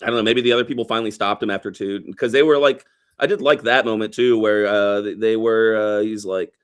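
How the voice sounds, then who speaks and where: Low-voiced man riffing on a film. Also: steady tone, brisk, smooth. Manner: wry, rambling, swears casually. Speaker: podcast co-host. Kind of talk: casual movie review chat.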